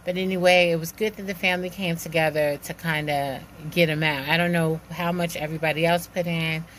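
A woman telling a personal story in a lively, animated way, acting out the dialogue and laughing now and then. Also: deep voice, brisk, a little hiss or hum.

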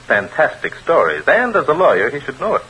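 A man playing a calm, probing gentleman detective in a 1940s radio drama, measured and smooth. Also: medium pitch, a little hiss or hum, rough recording. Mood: cool.

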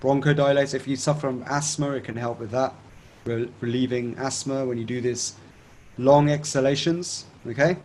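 A man teaching breathing techniques step by step, calmly checking in with his listener and chanting tones to demonstrate. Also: mid-range voice, normal speed. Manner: calm instructive, checks in with "okay?". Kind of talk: guided breathing instruction.

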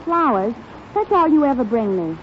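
A woman's voice: on the high side, sing-song, moderate pace. A woman playing a pushy scheming wife. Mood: flirty. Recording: tinny crackly 1930s radio broadcast.

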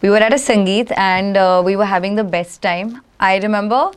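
A woman's voice: medium pitch, normal speed, smooth. A young woman co-hosting a podcast, chatting in a laid-back, teasing way. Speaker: podcast co-host. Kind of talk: casual chat.

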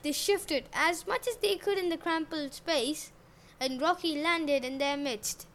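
Storybook podcast host, a woman with a high voice, unhurried narration and jokey asides. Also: a bit bright. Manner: jokey asides, modern slang. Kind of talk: casual myth storytelling podcast.

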